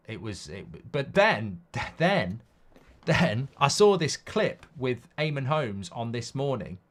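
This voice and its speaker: Blunt man rambling on a live stream. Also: fairly low pitch. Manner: rambling storyteller, reads chat comments aloud; blunt, swings between loud outbursts and mutters. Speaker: football watchalong host. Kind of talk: live-stream casual chat.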